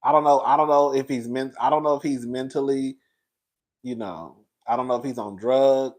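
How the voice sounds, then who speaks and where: A man's voice: mid-range voice, fairly even intonation, moderate pace, darkish tone. A man in his forties hosting his own commentary channel, talking to viewers in a sassy, emotional, gossipy casual chat. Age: 40s.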